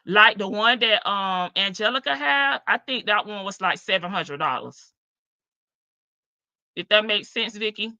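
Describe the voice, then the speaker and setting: A woman from the American South hosts a live stream, chatting casually and reading viewer comments in a relaxed, talkative, animated way while drawling out her phrases. Her voice is bright and clear with a medium pitch for a woman, and the sound is lo-fi.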